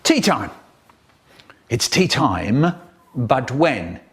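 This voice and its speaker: A man telling comic stories in a playful, animated way, breaking into sound effects and squeals. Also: mid-range voice, very slow, husky. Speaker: storyteller. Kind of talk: comic storytelling, chopped into a remix.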